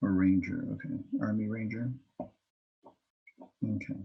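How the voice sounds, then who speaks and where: Man player, husky, mid-pitched, halting, filler-heavy. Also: fairly even intonation, dull audio. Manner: hesitant, halting, with many fillers. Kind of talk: casual tabletop role-play.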